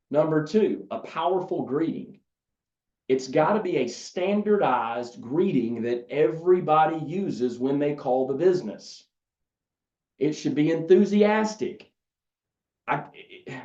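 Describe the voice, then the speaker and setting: A man's voice: fairly high pitch, warm tone, reverberant, muffled recording. A man coaching a business webinar from his home office, emphatic and role-playing phone calls. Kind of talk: live webinar training.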